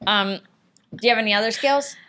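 A woman's voice: on the high side, fairly quick, sharp tone. A woman hosting a casual comedic interview, blunt and teasing with her guest. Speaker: host.

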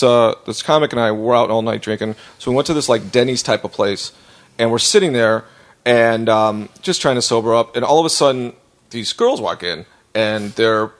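A male stand-up comic on a podcast, telling a story that rambles and swears freely. He keeps restarting his sentences and padding them with fillers. His voice sits at an ordinary middle pitch. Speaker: stand-up comedian and podcast co-host. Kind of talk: casual storytelling.

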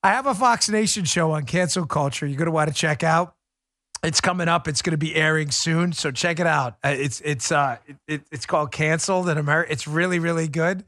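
A man hosting a commentary show, brash and joking, talking fast and animatedly. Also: a little high, fairly bright tone, no room sound, studio quality. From New York. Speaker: podcast host.

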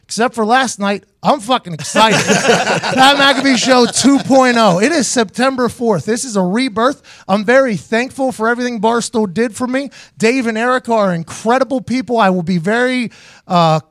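A man hosting his podcast, telling a story in a casual, animated and profane way, laughing often. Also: very high voice, normal speed, no echo, studio quality. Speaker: host.

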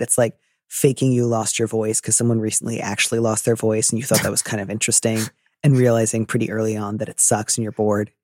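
A man's voice: medium pitch, darkish tone, no echo, clean studio sound. A man hosting an advice podcast, chatting casually with playful, wry asides. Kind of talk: casual chat.

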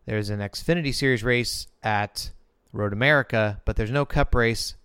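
A man hosting an interview podcast, relaxed and chatty, poking fun at himself. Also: mid-range voice, normal speed, clear, resonant tone, no echo, studio quality. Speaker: podcast host.

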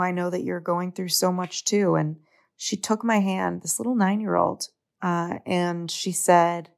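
A woman's voice: on the low side, gravelly. A young adult woman from the United States hosting a solo podcast, talking in an earnest, open, confiding way. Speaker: podcast host. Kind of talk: solo reflective podcast monologue.

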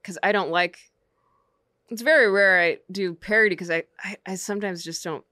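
A woman comedian guest chatting casually and lively about her stand-up work. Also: mid-range voice, no echo, studio quality. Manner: lively, quick, breaks into sung lines.

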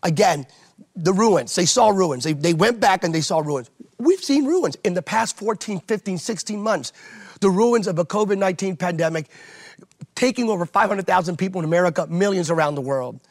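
At a normal pace, a passionate pastor with a high, gravel-tinged voice makes his case. His manner is emphatic, and he keeps repeating phrases for rhetorical effect as if always delivering a sermon.

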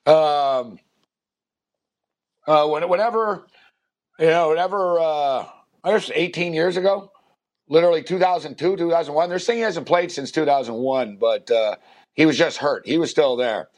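A man's voice: on the high side, normal speed. A man telling a long, rambling anecdote on a sports podcast, full of fillers and acted-out quotes. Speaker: podcast co-host. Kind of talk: casual storytelling.

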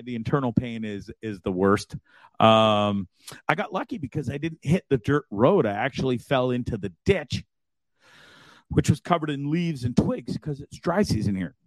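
A man's voice: mid-range voice, no room sound. A man from Canada hosting a casual show, crude, joking and self-deprecating. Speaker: show host. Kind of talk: casual livestream chat.

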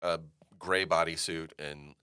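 A man's voice: very deep voice, steady tone, measured pace, bright, forceful tone, smooth. A man being interviewed as an actor, telling stories animatedly and swearing freely. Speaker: actor guest. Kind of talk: casual interview storytelling.

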